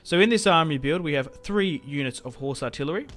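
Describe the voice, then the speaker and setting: A man's voice: on the high side, lively intonation, brisk, fairly bright tone, faint music behind. Chatty man narrating strategy gameplay. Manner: chatty, joking, self-interrupting. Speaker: gaming channel host. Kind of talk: casual gameplay commentary.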